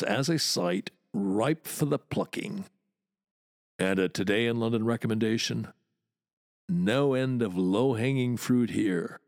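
A man's voice: fairly low pitch, vocal fry, no room sound, studio quality. A man hosting a history podcast, narrating in a wry, chatty storyteller's manner with playful asides. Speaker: podcast host and walking tour guide.

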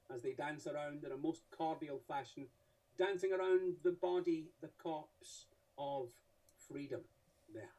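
A man's voice: fairly high pitch, unhurried, warm tone, distant mic, low-quality recording. A man giving a humorous illustrated talk to an audience, with wry, theatrical asides. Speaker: speaker presenting cartoons to an audience.

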